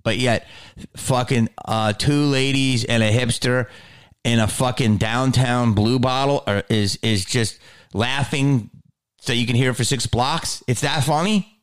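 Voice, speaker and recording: A man's voice: medium pitch, unhurried, clean tone. A middle-aged man comedian ranting in a heated, profane, swaggering way.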